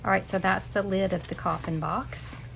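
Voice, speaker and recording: A woman's voice: medium pitch, fairly even intonation, normal speed, creaky, noisy background. A woman teaching a casual live crafting tutorial, chatting and rambling with asides to her viewers. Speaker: crafting instructor.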